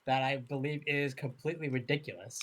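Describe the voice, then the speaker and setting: A man's voice: medium pitch, fairly even intonation, brisk, a bit bright. A man playing a tabletop game, skeptical and teasing in casual chat. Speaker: player.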